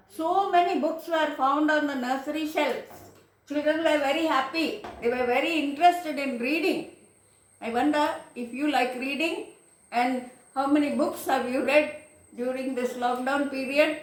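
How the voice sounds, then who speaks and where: A high-pitched woman teacher walks through a poem line by line, slowly paraphrasing each phrase for her students. The sound is roomy and echoey. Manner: slow, explanatory, repeats and paraphrases lines. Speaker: English teacher. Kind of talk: explaining a poem in an online lesson. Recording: echoey room.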